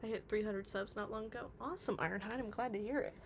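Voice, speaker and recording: A woman speaks fast in a mid-range voice during a casual livestream, reading out comments from chat and leaning on lots of fillers. There's slight background noise.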